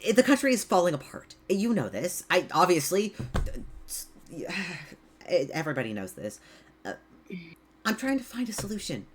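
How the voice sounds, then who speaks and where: A woman's voice: fairly low pitch, very animated, moderate pace, slight background noise. A woman voicing a flustered young woman adventurer who stammers and restarts, in a tabletop game.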